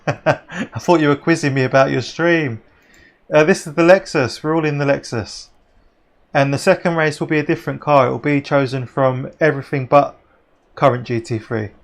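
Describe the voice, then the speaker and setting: English guy, live sim racing streamer, chatty and matey, gravelly fry in the voice, mid pitch. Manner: chatty, matey, chatting with viewers while driving.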